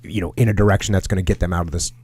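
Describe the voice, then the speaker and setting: A man's voice: sits low, steady tone, very fast, a little mellow, slightly rough, no room sound. A man hosting a podcast, telling a military training story casually with lots of jargon and restarts. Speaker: podcast host.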